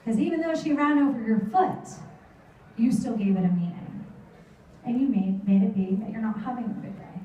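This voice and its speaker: A woman's voice: on the high side, moderate pace, lo-fi sound. A middle-aged woman giving a motivational talk to a live audience, telling stories and acting out her children's voices. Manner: animated storytelling, acts out her kids' voices. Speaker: motivational speaker. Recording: echoey hall, voice from far off the mic.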